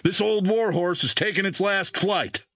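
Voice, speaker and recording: A man's voice: high voice, a little slow, a bit bright, no echo, studio quality, pitched above the performer's own voice, heavily acted. A man voicing a grim, seasoned male military helicopter pilot with a clipped, commanding delivery.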